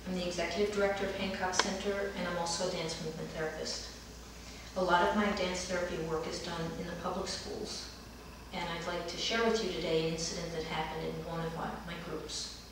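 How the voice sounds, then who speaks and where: A middle-aged woman, a dance movement therapist, calmly telling the story of a session with children. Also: fairly low pitch, noisy background. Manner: calm, gentle storytelling, livelier when acting out children. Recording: roomy echo, heard from a distance.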